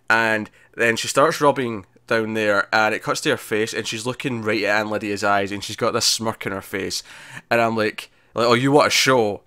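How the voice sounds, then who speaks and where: A man's voice: on the low side, bright, forceful tone, clean tone, dry recording. A man co-hosting a casual TV review chat, recapping scenes animatedly with frequent laughs and restarts. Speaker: podcast co-host reviewing a TV episode.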